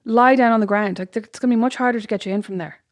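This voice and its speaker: A woman's voice: on the high side, racing, dry recording, studio quality. Joking Irish woman co-hosting a podcast. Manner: joking, laughs often. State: pregnant. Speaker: podcast co-host. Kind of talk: casual chat.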